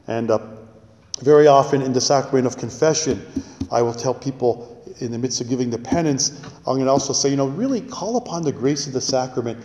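A middle-aged priest telling a story in an informal talk, rambling and halting with frequent restarts. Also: male voice, mid-range voice, darkish tone. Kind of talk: informal talk on prayer and sacraments. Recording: echoey room with long reverb.

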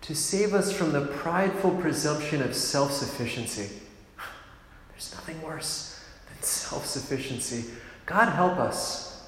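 Gentle priest preaching in an echoing hall. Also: male voice, on the high side. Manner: gentle and reflective, unhurried, with soft laughs. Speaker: priest in a monastic order. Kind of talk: sermon. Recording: very echoey hall with long reverb, faint room noise.

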